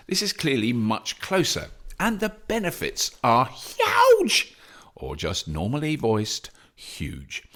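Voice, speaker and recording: A man's voice: lowish voice, fairly bright tone. A man hosting a solo news update podcast, chatty and enthusiastic with self-deprecating humour. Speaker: podcast host.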